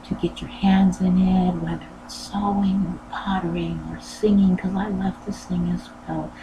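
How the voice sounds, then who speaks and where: A woman who hosts a sewing channel, talking in a rambling, earnest way and repeating her phrases, with a low voice that she says never goes higher. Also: steady tone, normal speed. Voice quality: low voice that does not go higher. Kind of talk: casual personal talk. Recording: noisy background.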